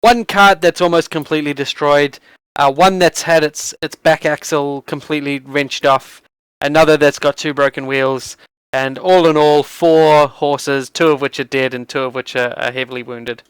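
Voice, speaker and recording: A man's voice: fairly high pitch, fairly even intonation, normal speed, clean tone, dry recording. A man running a tabletop game as game master, narrating with frequent fillers and restarts.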